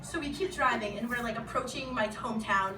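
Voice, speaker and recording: A woman's voice: fairly high pitch, brisk. Teen woman telling a story on stage. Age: teens. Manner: animated, laughing, acting out quotes. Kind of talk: live personal storytelling. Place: small venue. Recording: roomy, distant mic with background noise.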